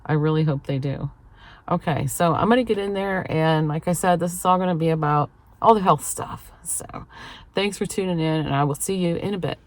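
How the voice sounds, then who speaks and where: A woman's voice: deep voice, a little fast, no room sound. A middle-aged woman chatting casually in a vlog, telling stories with frequent laughter. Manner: chatty, laughs often, self-deprecating storytelling. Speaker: vlogger.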